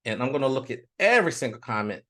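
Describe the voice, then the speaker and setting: A man giving a casual self-help lesson as an animated storyteller with punchy exclamations. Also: mid-range voice, fast. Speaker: spiritual self-help teacher.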